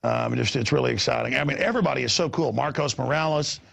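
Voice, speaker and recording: A man hosting a show, talking in a rambling, animated way, stammering and repeating words. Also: medium pitch, fast, gravelly. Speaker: host. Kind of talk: rambling on-air chat. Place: studio in Austin.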